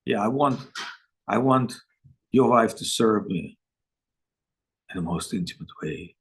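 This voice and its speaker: A man's voice: on the low side, expressive, unhurried, slightly rough, pitched below the performer's own voice. A man voicing a greedy, lustful male demon king who makes brazen demands in a story told during a spiritual talk. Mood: demanding.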